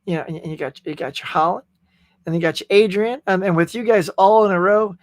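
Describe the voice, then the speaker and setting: Chatty host, dry close sound. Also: male voice, sits high, fairly quick, dry recording. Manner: energetic, chatty, talks to viewers by name. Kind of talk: casual livestream chat.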